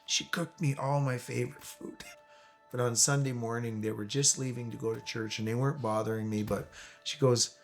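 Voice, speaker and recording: A middle-aged man from Canada giving an earnest, reflective personal testimony, with a gravelly voice. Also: mid-range voice, lively intonation, moderate pace. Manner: earnest, reflective, emotional retelling. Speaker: testimony speaker. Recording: music bed under voice.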